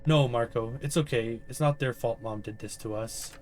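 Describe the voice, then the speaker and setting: A man voicing a timid young boy patient who talks softly and apologetically. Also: medium pitch, moderate pace, background noise, natural voice. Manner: soft, apologetic, rambling.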